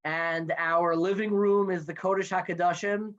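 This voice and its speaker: A man's voice: sits high, fairly even intonation. Joking man on a muffled video call. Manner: chatty, playful, quick with jokes. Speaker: guest, NCSY education director. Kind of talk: casual interview chat. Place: home office. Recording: dull lo-fi video call audio.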